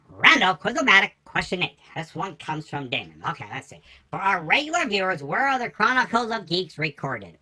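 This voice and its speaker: A woman's voice: medium pitch, sing-song, brisk, sharp tone. A woman hosting a quiz segment in a casual, teasing way, with chatty asides to her co-host.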